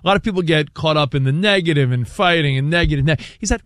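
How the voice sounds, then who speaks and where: A man co-hosting a radio talk show, talking in a playful, energetic, upbeat way. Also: a little high, fast talker, no echo, clean studio sound. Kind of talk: casual studio banter.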